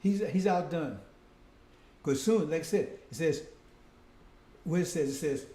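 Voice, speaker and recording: This male preacher's voice is fairly high and mellow, unhurried, with long pauses. His sermon rambles as he keeps asking listeners "see?" and "right?" and calls them brothers and sisters, all with a roomy echo.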